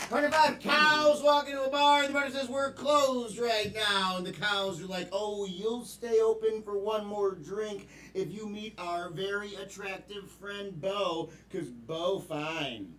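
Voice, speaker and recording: A man performing improv comedy on stage, delivering punchline jokes deadpan. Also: sits high, unhurried, hardly any pauses, noisy background. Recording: echoey stage.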